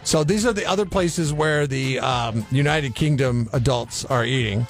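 A man's voice: medium pitch, moderate pace, faint music behind. A man co-hosting a radio talk show, joking and acting disgusted in casual banter. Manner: joking, mock-disgusted, slips into put-on British voice. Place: radio studio.

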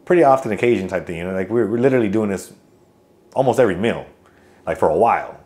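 A man's voice: on the low side, expressive, quick pace, darkish tone. A man in his thirties from California, an army veteran guest who tells his stories in a loose, rambling way full of fillers and restarts. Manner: outgoing joker telling stories. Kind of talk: casual interview storytelling.

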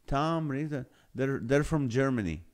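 With a medium-pitched, expressive voice at a measured pace, a middle-aged man runs a live stream, reading comments from viewers aloud. He keeps it casual and jokey, often breaking into laughter at the jokes.

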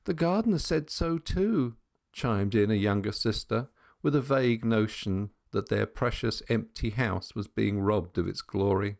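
Male audiobook narrator, gravelly, lowish voice, measured pace. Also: fairly even intonation. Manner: measured storytelling. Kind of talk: scripted narration.

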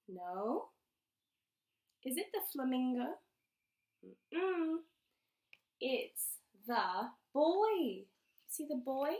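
Woman storyteller for small children; very slow, hugely lively pitch, asks the listener questions. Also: echoey room. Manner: animated, exaggerated, questioning the listener. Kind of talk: reading a picture book aloud to young children.

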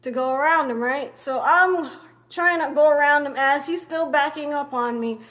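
A woman's voice: high-pitched, normal speed, a bit bright. A young woman vlogger telling a story in a rambling, casual way, tossing in "you know" constantly and calling people names.

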